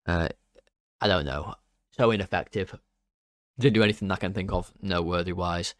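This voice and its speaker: A man's voice: deep voice, steady tone, moderate pace, no room sound, studio quality. A young man hosting a football fan channel, giving player ratings in an exasperated, swearing rant full of restarts.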